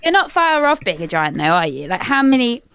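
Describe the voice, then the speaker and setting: A woman's voice: on the high side, very animated, brisk, a crowd in the background. An English woman, a comedian guest on a podcast, giggling as she plays a bossy boss. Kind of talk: casual comedic banter.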